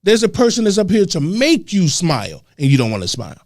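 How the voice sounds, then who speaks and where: A man co-hosting a talk show, ranting with heavy profanity and swinging between loud and soft. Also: high-pitched, wildly swooping pitch, fast talker, no room sound, clean studio sound. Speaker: podcast co-host. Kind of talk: heated casual talk.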